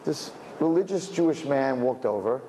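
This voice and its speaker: A man in his fifties telling a story in a religious talk, swinging between quiet asides and loud emphatic bursts. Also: mid-range voice, lively intonation, moderate pace. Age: 50s. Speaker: religious teacher. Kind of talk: storytelling lecture. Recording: echoey hall with faint background noise.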